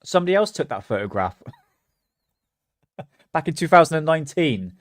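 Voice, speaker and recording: A man's voice: a little high, big pitch swings, moderate pace, no echo, studio quality. A man hosting a livestream, chatting casually and mocking what he watches, often laughing. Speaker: livestream host.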